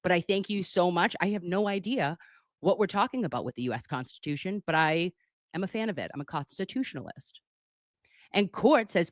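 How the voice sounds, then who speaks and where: A woman's voice: lowish voice, animated, brisk, no room sound, studio quality. A woman hosting a casual live stream on a webcam, chatty and joking as she reads viewer messages aloud. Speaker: livestream commentator.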